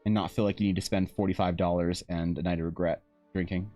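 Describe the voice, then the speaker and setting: A man with a lowish voice chats casually with his stream viewers from home. He rambles and swears freely through his stories, with faint music playing underneath. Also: steady tone, quick pace, warm tone. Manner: profane, rambling storytelling.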